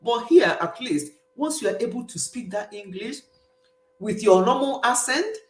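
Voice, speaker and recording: Speaking with lively intonation at a normal pace, a Nigerian woman answers her viewers' comments as they arrive on her casual live stream. Her pitch is fairly high, her accent warm and Nigerian, and she laughs often; the room gives an echo.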